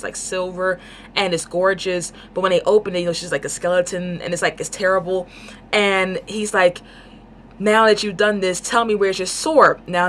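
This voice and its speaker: A woman giving a casual book review, talking in an excited, rambling way with lots of fillers. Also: fairly low pitch, a little hiss or hum.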